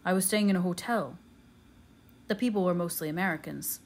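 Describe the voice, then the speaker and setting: A woman's voice: lowish voice, a little fast. A woman reading the lines of a polite, mild-mannered English estate manager in plain conversational speech.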